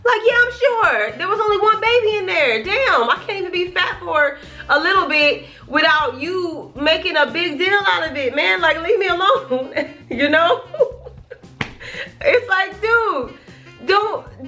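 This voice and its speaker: A young pregnant woman vlogging a casual rant, animated and laughing as she acts out what people say to her. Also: very high voice, a little slow, soft background music.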